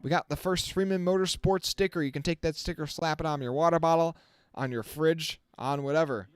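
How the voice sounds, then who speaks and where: A man giving casual live-stream race commentary as the channel host, chatting with his viewers and getting excited on the restarts. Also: a little high, fairly quick, smooth, no room sound. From not from the South. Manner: self-correcting, talks to the chat.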